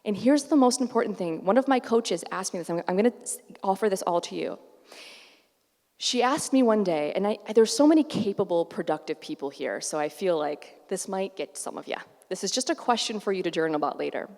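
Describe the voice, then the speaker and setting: Animated woman speaking in an echoey hall. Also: mid-range voice, brisk. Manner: animated, acts out quoted voices. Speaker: keynote speaker. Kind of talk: conference keynote talk. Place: large conference hall. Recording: echoey hall, far from mic.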